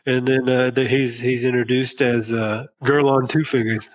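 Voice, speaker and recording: A man's voice: mid-range voice, flat delivery, moderate pace. A man running a tabletop game as game master, explaining rules with fillers and humming to himself between turns.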